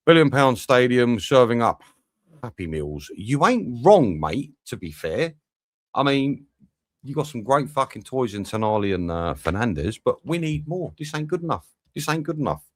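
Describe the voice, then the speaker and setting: A man's voice: medium pitch, big pitch swings, normal speed, dry recording, studio quality. A man streaming a football watch-along, swearing, venting and chatting with his viewers. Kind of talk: live match commentary and chat.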